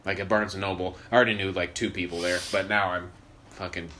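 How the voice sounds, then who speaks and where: Young dude chatting on a podcast, low bright voice, laid back, bit of hiss. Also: male voice, flat delivery, quick pace. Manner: joking, laid-back, swears often. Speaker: podcast co-host. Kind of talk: casual chat.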